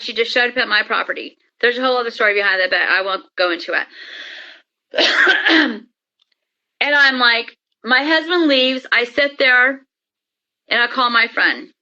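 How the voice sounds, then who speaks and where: A woman interview guest telling her story in a lively way and acting out the dialogue. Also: a little high, dull audio. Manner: lively, acts out quoted dialogue. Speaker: interview guest, paranormal experiencer. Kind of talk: animated storytelling.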